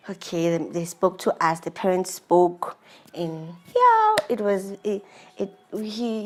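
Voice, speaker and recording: A South African woman in her thirties, emotionally confiding a personal story with frequent restarts. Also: fairly low pitch. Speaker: vlogger.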